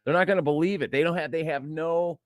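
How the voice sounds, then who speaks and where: A man's voice: fairly high pitch, quick pace, dry recording, studio quality. A man co-hosting a podcast, telling rambling stories in casual chat, full of fillers and restarts. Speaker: podcast co-host.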